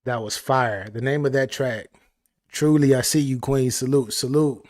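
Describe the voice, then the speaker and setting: A man hosting a live album reaction stream, talking excitedly and repeating phrases. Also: medium pitch, normal speed. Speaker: music reaction host.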